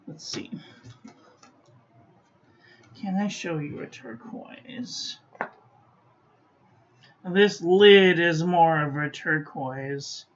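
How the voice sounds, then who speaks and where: A sleepy woman giving dry, low-key commentary while testing ink on paper. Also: steady tone, very slow, long pauses, slight background noise. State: sleepy, yawning. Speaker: stationery reviewer. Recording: dull lo-fi recording.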